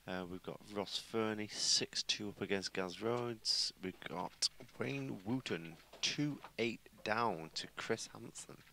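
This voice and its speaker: This is a man calling a pool match live, talking fast and getting worked up over the play. His voice sits low and has a rough, gravelly grain. It also comes across bright and forceful. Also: slight background noise. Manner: chatty, excitable, reels off scores. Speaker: pool commentator. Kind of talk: live sports commentary.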